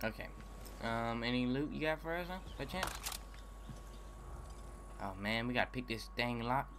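A man's voice: medium pitch, lively intonation, moderate pace, noisy background. A young man casually commenting while playing a game, laid-back and self-mocking, calling people bro. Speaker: gaming youtuber. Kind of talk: casual let's-play commentary.

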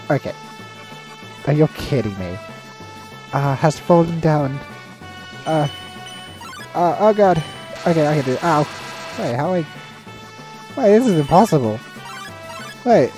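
A gamer comments casually on the game, laughing often and drifting into fillers. The voice is mellow and dark, with a lively, swinging pitch and faint game music behind. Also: unhurried, pauses often. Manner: giggly, distracted asides with many fillers. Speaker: let's play gamer.

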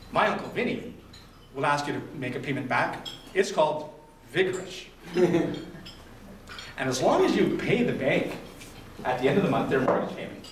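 A man giving a humorous prepared speech at a club event, telling a story with comic timing. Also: on the high side. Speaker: toastmasters speaker. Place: restaurant dining room at a club event. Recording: echoey room, distant mic, background noise.

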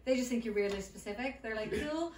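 A woman's voice: fairly high pitch, fairly even intonation, fast, a little mellow. A woman from Northern Ireland with an American accent, doing a self-deprecating stand-up set and laughing between lines. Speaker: comedian guest. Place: live show in a roomy venue. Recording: echoey room, mic far off, noisy.

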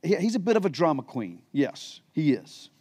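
Man preaching a storytelling sermon, raised pitch. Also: sing-song, moderate pace, darkish tone. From United States. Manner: storytelling, paraphrasing scripture in plain modern words. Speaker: pastor.

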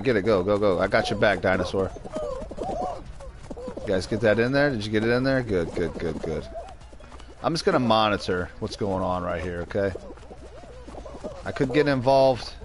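Joking young man streaming games, noisy. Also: fairly low pitch. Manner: joking, rambling, flares up at teammates. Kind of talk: casual gameplay commentary.

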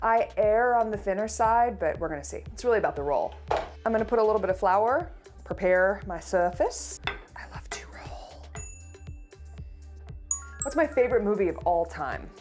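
A woman's voice: mid-range voice, lively intonation, fairly quick, a little mellow. Woman, thirties, baking show host, playful, chatty, jokey asides, faint music behind. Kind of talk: casual chatty baking tutorial.

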